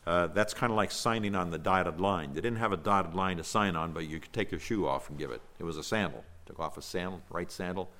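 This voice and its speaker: A man delivers an expository sermon in a fairly low voice. He reads scripture, then turns to the listeners with emphatic, conversational asides. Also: a little fast, hardly any pauses, a bit bright, a little hiss or hum. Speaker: Bible teacher.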